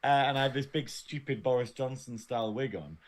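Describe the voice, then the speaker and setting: A man's voice: mid-range voice, a little fast. Giggly rambling English man. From Northern England. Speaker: podcast co-host. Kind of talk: casual review chat.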